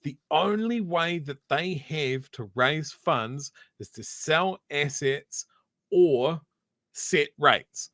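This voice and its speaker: A man's voice: on the high side, animated, slow, fairly bright tone, dry recording, clean studio sound. A man with a New Zealand accent, co-hosting a casual political commentary show, emphatic and argumentative. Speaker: co-host.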